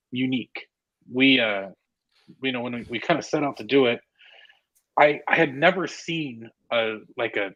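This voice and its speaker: Podcast guest, a man on a remote line; hesitant and halting, mid pitch, dull and dry sound. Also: a bit bright, no echo. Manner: hesitant, many filler pauses. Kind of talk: casual podcast chat. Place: hotel room.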